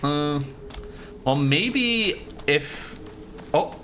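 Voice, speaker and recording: A male livestreamer talks through his game in a relaxed, joking way, dropping swears and answering chat. His voice is bright and sharp, with a pitch that swings widely. Faint keyboard typing sits quietly behind him. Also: extremely slow, slight background noise. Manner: loose, swears freely, jokey asides. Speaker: gaming livestreamer. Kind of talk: casual live game commentary, reading chat.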